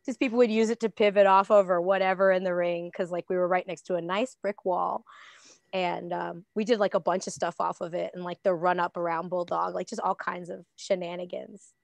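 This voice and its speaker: A woman's voice: lowish voice, a little fast, gravelly, no room sound. A woman guest on a podcast chatting casually, telling stories with lots of laughter and acting out what people said. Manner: giggly, animated storyteller acting out quotes. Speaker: guest, professional wrestler.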